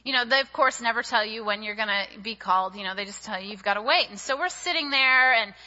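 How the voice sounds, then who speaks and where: A woman with a bright, forceful voice preaches, telling her story in an animated, chatty way full of fillers. Her voice sits a little high and rings out with a long hall reverb. The sound is dull, with the top end rolled off. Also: fast talker. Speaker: speaker at a church service. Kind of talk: sermon with personal storytelling.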